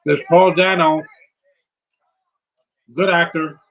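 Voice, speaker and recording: A man giving casual live movie commentary, rambling and answering viewers' questions with quick opinions. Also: on the high side, steady tone, highs cut off.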